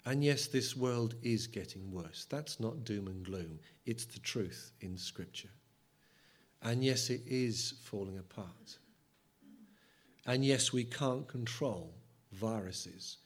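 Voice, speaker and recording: Give me a male preacher delivering a dramatic sermon, shifting from loud to hushed. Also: on the low side, takes it slowly.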